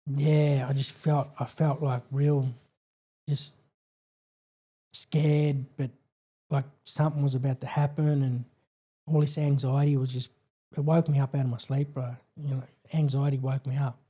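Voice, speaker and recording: As a podcast guest, an Australian man earnestly and haltingly recounts a painful personal story, with many fillers and restarts. His mid-range voice is warm and has little pitch movement.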